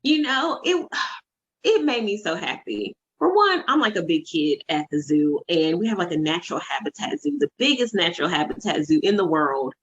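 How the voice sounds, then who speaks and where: A woman in her thirties hosts a casual podcast, her voice a little low and husky. She tells stories effusively, her pitch swinging widely, with plenty of "you know" and "like". The audio is dull and lo-fi, as over a remote call. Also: sing-song, normal speed. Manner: warm, effusive storytelling with many fillers. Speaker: podcast host and life coach.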